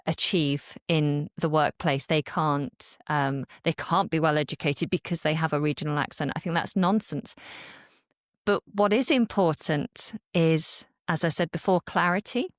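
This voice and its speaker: Woman, modern RP accent, fairly low voice, measured podcast guest, dry close mic. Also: no echo. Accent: modern RP English. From Manchester, England. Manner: thoughtful, measured, with small restarts. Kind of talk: podcast interview.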